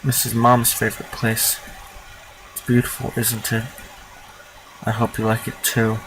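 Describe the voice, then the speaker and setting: A man reading as a gentle, remorseful mother, speaking softly and quietly. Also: medium pitch, completely flat delivery, a little slow, noisy background, lightly acted. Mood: tender. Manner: soft and hushed. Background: game music.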